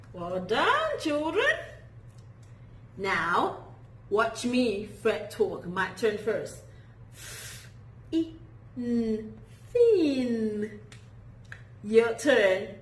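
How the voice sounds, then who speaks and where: A woman teaching a children's phonics lesson, modelling sounds slowly and praising warmly in a sing-song way. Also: mid-range voice, sing-song, roomy sound, rough recording.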